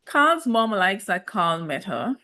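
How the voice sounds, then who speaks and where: A woman speaking in gives an opinionated recap of a dating show in a loose, chatty way. She teases the cast and drops playful asides, and her voice sits at an ordinary middle pitch for a woman. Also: sing-song, takes it slowly, pushed and bright. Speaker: reality show recap host. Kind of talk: casual reality TV recap commentary.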